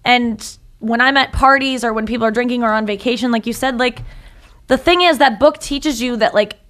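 A woman talking casually in an emphatic, animated way. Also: fairly high pitch, brisk. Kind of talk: casual conversation.

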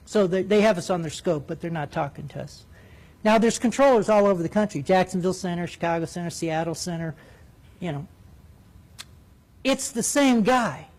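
Animated storytelling male pilot. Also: high-pitched, normal speed. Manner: animated, acts out radio calls. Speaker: military jet pilot. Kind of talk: spoken storytelling.

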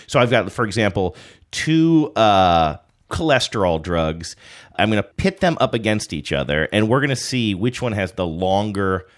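A man's voice: on the low side, very animated, moderate pace. A man co-hosting a podcast, chatting casually in a rambling, joking way and saying he feels sluggish. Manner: rambling, joking, self-deprecating. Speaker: podcast co-host. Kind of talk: casual chat.

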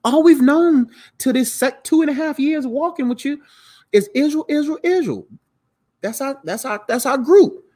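A man voicing protesting, baffled disciples, pitched way up. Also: expressive, moderate pace, dark tone. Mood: incredulous. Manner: incredulous, pleading. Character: puzzled, protesting male disciples.

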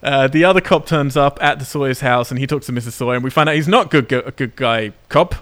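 A man recaps a film plot in a relaxed podcast chat. He sounds excited and laughs as he goes. His pitch sits in an ordinary middle range for a man. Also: quick pace. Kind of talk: casual chat.

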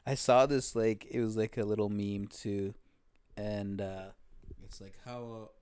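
A man's voice: on the low side, steady tone, a little slow, a little mellow, clean tone. Young man, rambling laughing storyteller. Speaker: podcast co-host. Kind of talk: casual chat.

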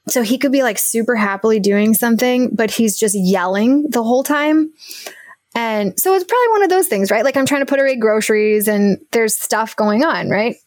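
A young adult woman speaking earnestly and reflectively in a candid faith conversation, with soft laughs and a teary edge. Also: a little high, moderate pace, no room sound.

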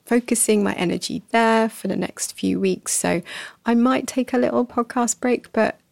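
A woman hosting a reflective podcast, speaking softly and slowly, dropping to a whisper at times and laughing at herself. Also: a little high, vocal fry, no room sound. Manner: soft and slow, sometimes whispering, laughs at herself. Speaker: podcast host. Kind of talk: gentle reflective podcast talk.

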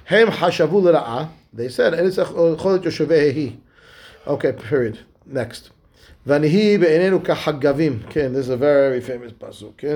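A man, a rabbi, teaching a Talmud class, reading the text slowly and then explaining it in lively, halting English. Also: fairly high pitch.

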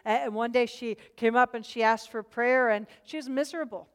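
A woman's voice: a little high, fairly even intonation, a little fast, smooth, big-room sound. A woman leading a group Bible study, speaking earnestly, repeating words as she starts a thought and putting questions to the group.

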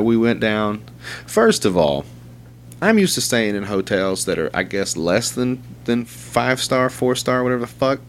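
A very low-voiced man, rambling through crude stories in relaxed chat. He swears freely and laughs at his own tales. A faint hum sits under the recording. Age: young adult to middle-aged, father of a two-year-old. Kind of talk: casual chat.

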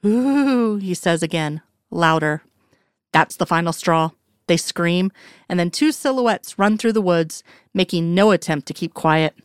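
A woman reading a story aloud in an even, measured narration. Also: lowish voice, smooth, no echo, studio quality. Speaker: reader. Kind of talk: storytelling narration of fan fiction.

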